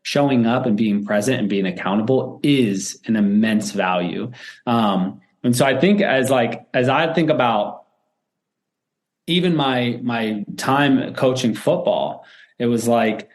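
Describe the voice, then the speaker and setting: A man's voice: medium pitch, measured pace. A man, a former football coach, answering interview questions in an earnest, reflective way with many restarts and tag questions.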